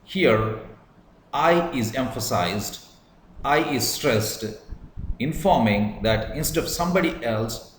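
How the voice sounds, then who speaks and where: Guy teaching english, talks real slow and careful, echoey room w faint hum. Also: medium pitch, expressive. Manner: measured, with stressed demonstrations. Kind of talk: slow deliberate lecture.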